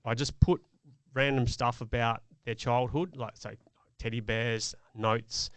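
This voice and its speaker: A man's voice: medium pitch, steady tone, measured pace, clear, resonant tone, no echo. A middle-aged man, a podcast co-host, telling a personal parenting story in an earnest, reflective way. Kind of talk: casual chat.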